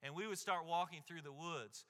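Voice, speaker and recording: A man's voice: a little high, normal speed, a bit bright, in a large hall. A man preaching a sermon as a pastor, telling stories earnestly, often repeating and restarting words, and asking the crowd "right?".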